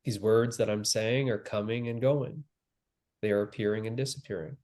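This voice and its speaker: A man giving a spiritual teaching, speaking calmly and slowly with long pauses and repeated phrases. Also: fairly low pitch. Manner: calm, slow and repetitive, with long pauses. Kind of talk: slow guided spiritual teaching.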